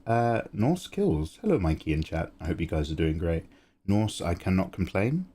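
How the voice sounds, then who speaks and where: Male streamer, young adult, deep voice, sleepy, chatty, laughs and swears as he talks. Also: very animated, moderate pace, dark tone. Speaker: art streamer. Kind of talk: casual chat while drawing on stream.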